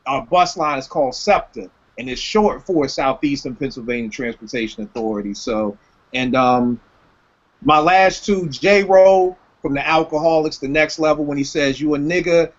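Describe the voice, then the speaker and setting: Animated Philly man, lo-fi. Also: medium pitch, normal speed. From Philadelphia. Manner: animated storyteller, laughs often. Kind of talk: casual chat about hip hop lyrics. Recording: dull lo-fi recording.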